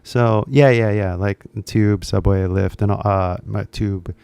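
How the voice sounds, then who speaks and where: A man's voice: lowish voice, fairly even intonation, slow, creaky, a little mellow, clean tone, no room sound. A man with an American accent hosting a casual question-and-answer chat, rambling with lots of fillers. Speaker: host.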